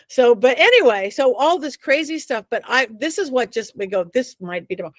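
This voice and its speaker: A woman's voice: sits high, lively intonation, a little fast, no echo. A middle-aged woman telling dramatic stories as an interview guest, acting out the voices of the people she quotes. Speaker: psychic medium guest. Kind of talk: animated interview storytelling.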